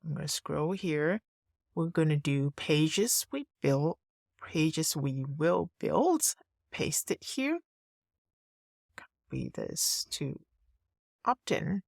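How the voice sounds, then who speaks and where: Slow, low-voiced woman walking through a design. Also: vocal fry, dry recording, studio quality. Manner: relaxed, thinking aloud while clicking. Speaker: design tutorial presenter. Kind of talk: screen-recorded software tutorial.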